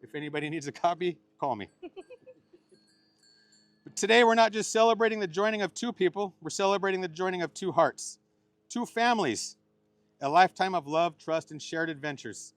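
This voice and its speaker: A man's voice: sits high, fairly quick, no room sound. A middle-aged man officiating a wedding as the bride's uncle, mixing playful jokes with heartfelt advice. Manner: joking, playful asides between heartfelt advice. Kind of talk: wedding ceremony speech.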